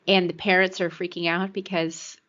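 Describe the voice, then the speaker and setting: A woman co-hosting a podcast in casual chat, animated and quick to restart her sentences. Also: fairly low pitch, lo-fi sound. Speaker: podcast co-host.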